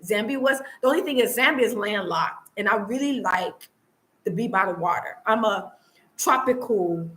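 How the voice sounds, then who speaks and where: Bright-voiced earnest American woman. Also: medium pitch, normal speed, rough recording. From United States. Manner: earnest, repetitive, many restarts. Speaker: vlogger answering live chat. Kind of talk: casual live-stream chat. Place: home in Tanzania.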